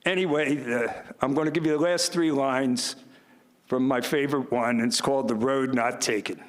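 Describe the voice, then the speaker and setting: A man's voice: medium pitch, fairly even intonation, normal speed. An older man giving a commencement speech, telling folksy stories with self-deprecating humor from a podium. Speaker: student commencement speaker. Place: large ceremony hall. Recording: long reverb of a large hall.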